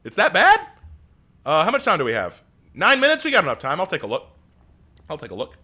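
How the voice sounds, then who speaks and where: A male streamer talks in a bright, ringing voice that swings up and down as he chats with his viewers live. He jokes around, laughs a lot and stumbles over words as he restarts them. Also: on the high side, wildly swooping pitch, fast talker, slightly rough. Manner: chatty, joking, laughs often, restarts words. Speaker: streamer reacting live and reading chat. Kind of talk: casual live-stream chat.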